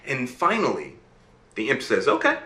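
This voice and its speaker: A man on a video call telling a fairy tale aloud in a lively storytelling manner, checking in with his listener as he goes. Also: medium pitch, moderate pace, roomy sound.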